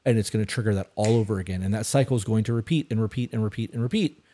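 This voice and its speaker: A man's voice: lowish voice, rapid-fire, dark tone, slight background noise. A man in his thirties co-hosting an advice podcast, talking casually and bluntly, swearing and repeating himself for emphasis. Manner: blunt, profane, repetitive. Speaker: podcast co-host.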